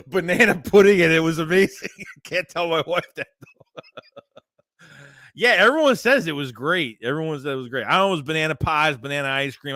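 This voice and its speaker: Man, stream host: high, lively, bright voice; blunt, profane rant in a dry room. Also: no echo. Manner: blunt, profane, repeats himself. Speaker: sports livestream host. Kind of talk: casual fan rant reading live chat.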